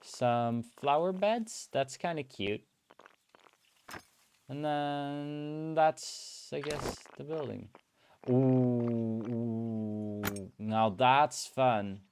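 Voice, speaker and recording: A man streaming a building game, musing aloud in relaxed commentary and filling pauses with hums and playful nonsense sounds. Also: medium pitch, slight background noise. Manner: slow, musing talk to himself, hums and playful filler sounds.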